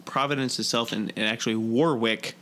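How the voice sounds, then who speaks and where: A man's voice: medium pitch, steady tone, fairly quick, a bit bright, slight background noise. A man co-hosting a casual podcast chat, rambling and swearing a lot, with frequent restarts. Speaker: podcast co-host.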